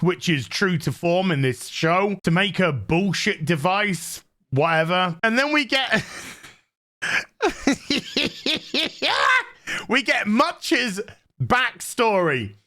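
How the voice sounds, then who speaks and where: A man sarcastically recapping a TV episode, exasperated and swearing, with deadpan mockery. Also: sits high. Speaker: show reviewer.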